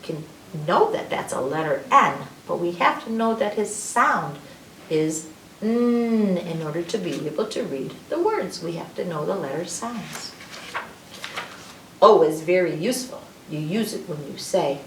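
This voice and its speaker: A woman reading an alphabet picture book aloud to children, with drawn-out letter sounds. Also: lowish voice, very animated, fairly bright tone, reverberant, recorded from a distance, slight background noise, rough recording. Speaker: librarian storyteller.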